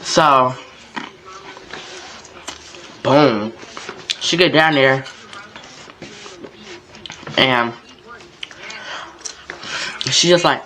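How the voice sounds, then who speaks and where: A man's voice: medium pitch, extremely slow, long pauses, sharp tone, rough recording. A young man from North Carolina, telling a story in a laid-back, conversational vlog style. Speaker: vlogger.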